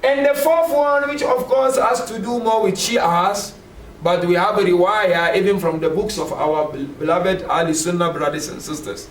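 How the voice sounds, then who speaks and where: A man with a high voice lectures a class on scripture in a casual, conversational way. He often turns to the listeners with questions. He is heard from a distance in a reverberant room, with faint background noise. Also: steady tone, moderate pace. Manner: conversational, often asks the class "you know". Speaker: religious teacher. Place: classroom at a community center.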